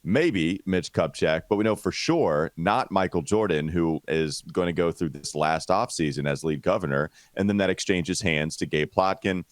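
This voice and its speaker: A man's voice: sits low, moderate pace, few pauses, no room sound. A man hosting a casual sports podcast, talkative and teasing his co-host. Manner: teasing, talkative, reads ad copy.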